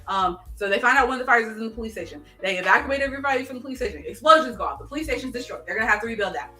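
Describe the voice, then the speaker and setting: A woman hosting a casual chat show, telling a long story in an animated way with many fillers and restarts. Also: a little high, rapid-fire. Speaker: podcast host. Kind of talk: casual chat, recapping a TV episode. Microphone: video call stream. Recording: echoey room, distant mic, faint music.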